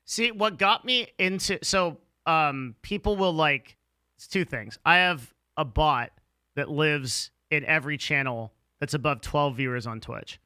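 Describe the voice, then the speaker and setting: A man's voice: on the high side, a little slow, pushed and bright, smooth, no room sound. A man hosting a casual interview, talking with energy and emphasis in slangy speech with swearing.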